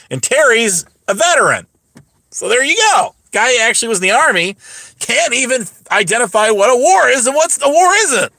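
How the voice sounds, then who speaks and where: A man's voice: sits high, pushed and bright, no room sound, clean studio sound. Sarcastic man ranting to his live chat. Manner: sarcastic, mocking, talks straight to chat; rambling with frequent restarts and stumbles. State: voice getting dry. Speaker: livestream host. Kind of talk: casual livestream rant to chat.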